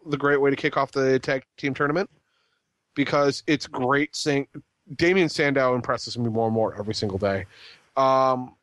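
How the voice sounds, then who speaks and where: A man's voice: on the high side, a bit bright, smooth, no echo. A man co-hosting a casual wrestling podcast, rambling with frequent ums and restarts. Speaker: podcast co-host.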